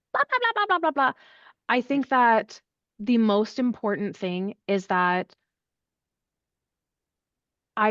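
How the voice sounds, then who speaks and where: Chatty and animated, a woman who heads accessibility services speaks as a podcast guest in a lowish voice, using plenty of fillers in a conversational answer. The sound is dry and dull, with no echo.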